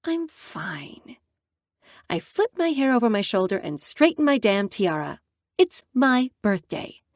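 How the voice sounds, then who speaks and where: A woman narrating a first-person romance audiobook in an expressive way. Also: a little high, dry recording, clean studio sound.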